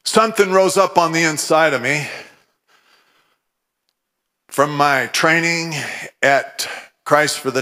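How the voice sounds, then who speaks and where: A man from Oregon giving a humorous, animated testimony sermon, with scripture recited fervently. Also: medium pitch. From Oregon, USA. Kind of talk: storytelling sermon.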